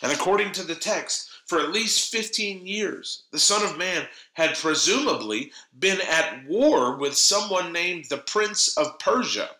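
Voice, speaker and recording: A man's voice: high voice, animated, measured pace, few pauses, pushed and bright, roomy sound, poor audio. A man preaching a sermon, teaching in an earnest, emphatic way.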